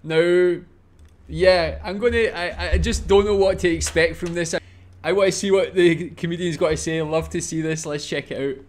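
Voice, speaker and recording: Excitable Scottish man reacting to comedy. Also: a little high, moderate pace, slight background noise. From Scotland. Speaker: reaction video host. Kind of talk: casual reaction commentary.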